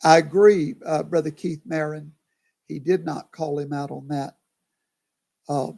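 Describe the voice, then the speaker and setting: A man's voice: on the high side, steady tone, moderate pace, gravelly, a little mellow. A man, a pastor chatting casually on a livestream, tired and yawning, talking to viewers by name. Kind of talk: casual live commentary.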